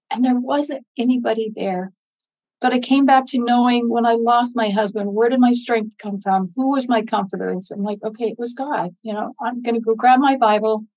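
A woman's voice: mid-range voice, a little mellow, poor audio. A middle-aged woman, a podcast guest, telling an emotional personal story in an earnest, heartfelt way and quoting scripture.

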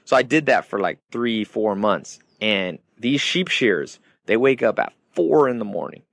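A man's voice: fairly low pitch, animated, a little slow, gravelly, fairly bright tone, no echo, clean studio sound. A man hosting a podcast, delivering an emphatic motivational monologue in short, punchy phrases that repeat key points. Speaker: podcast host.

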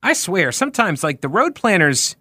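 Talk radio host, male, bright and forceful, sarcastic ranter, dry studio sound. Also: high-pitched, big pitch swings, moderate pace, dry recording. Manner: sarcastic, ranting, many fillers. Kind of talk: casual talk radio monologue. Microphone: studio microphone.

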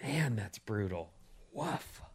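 A man's voice: fairly low pitch, animated, slow, breathy edge. A man co-hosting a radio show, chatting casually and reading out offbeat news stories. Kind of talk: casual chat.

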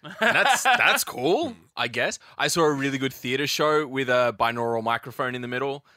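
A man's voice: mid-range voice, animated, normal speed, pushed and bright, dry recording, clean studio sound. A man co-hosting a podcast, rambling in a self-deprecating, casual way. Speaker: podcast co-host. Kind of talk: casual chat.

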